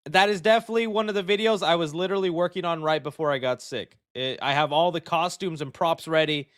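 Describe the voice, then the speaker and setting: A young man hosts a casual live show, talking in a somewhat high voice. He reacts loudly and excitedly to what he reads. His talk is loose and friendly, full of "dude.". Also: fast. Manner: excitable, loud reactions, says "dude" a lot. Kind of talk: casual livestream chat.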